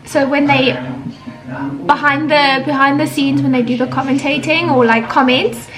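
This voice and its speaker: A woman's voice: high-pitched, fairly even intonation, moderate pace, music in the background. A young South African woman vlogging casually while cooking at home, chatty, giggly and teasing. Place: home kitchen. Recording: TV chatter in background. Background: TV show playing.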